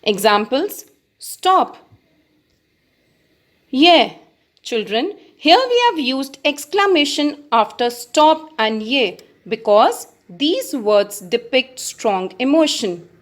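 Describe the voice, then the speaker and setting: Indian lady teacher, slow careful lesson, pitch kinda high. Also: sing-song. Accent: Indian English. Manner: addresses children, reads examples with emphasis. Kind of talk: slow classroom explanation.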